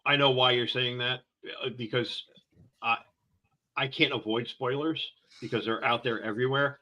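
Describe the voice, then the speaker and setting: Podcast guy, bright tense voice, swears a lot, rambly casual chat. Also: medium pitch, steady tone, moderate pace, poor audio. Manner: swears freely, loose and rambling. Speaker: podcast co-host.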